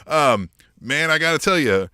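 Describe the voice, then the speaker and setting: A man's voice: a little high, lively intonation, moderate pace, pushed and bright, clean tone, no echo, studio quality. A man co-hosting a wrestling podcast, chatting casually, swearing freely, laughing often and acting out voices of the people he talks about. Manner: profane, laughing, acts out quoted voices. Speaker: podcast co-host.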